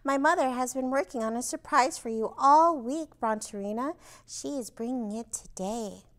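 A woman's voice: high-pitched, moderate pace, lightly acted. Woman doing an eager, urgent little girl. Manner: urgent, pleading.

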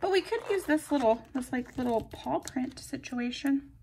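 A chatty, giggly woman talks through her planner decorating in a high, light voice. She keeps up a bubbly running commentary and now and then trails off into quiet murmurs. Faint background noise and small clicks sit under her voice. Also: expressive, normal speed. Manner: chatty and giggly, drifting into soft murmurs while crafting. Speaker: planner vlogger. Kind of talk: casual plan-with-me narration.

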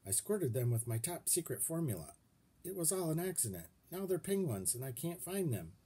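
A man reading a children's chapter book aloud and voicing a flustered older male inventor who speaks in a high, strained, wailing voice. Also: very animated, fairly quick, mellow, slightly rough. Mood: upset.

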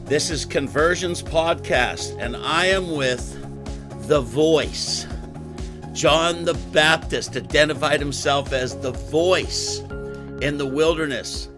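A man hosting a podcast, telling a story in an animated way and breaking into loud exclamations. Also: fairly high pitch, measured pace, music in the background. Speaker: podcast host. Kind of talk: storytelling interview chat.

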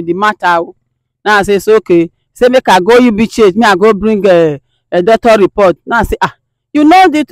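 A woman's voice: mid-range voice, no room sound. A woman with a Nigerian accent, a mother wearily recounting her struggle and pleading for help. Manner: weary, pleading, recounting at length. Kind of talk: personal appeal.

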